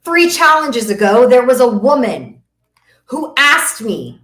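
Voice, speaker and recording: A woman's voice: fairly high pitch, very animated, takes it slowly, a bit bright. A woman business coach hosting a masterclass, talking in an emphatic, preachy motivational way and repeating her phrases for effect. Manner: faith-driven motivational tone. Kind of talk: motivational webinar talk. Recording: roomy echo.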